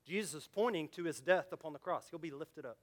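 A male pastor delivering a sermon in a high, light voice. He pleads with his listeners directly and earnestly. He rises to loud, urgent emphasis and sinks to hushed, low asides. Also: fast.

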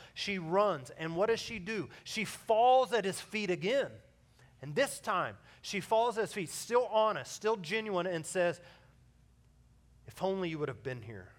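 A middle-aged man preaching a sermon as a pastor, earnest, moving from loud urging to soft, hushed lines. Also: high voice.

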